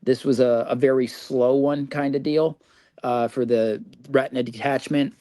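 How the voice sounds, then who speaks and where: Here a fortysomething man from Indiana talks at a moderate pace in a steady, mellow, medium-pitched voice, recorded dry. As a podcast guest he chats through casual stories and keeps chuckling at his own tales.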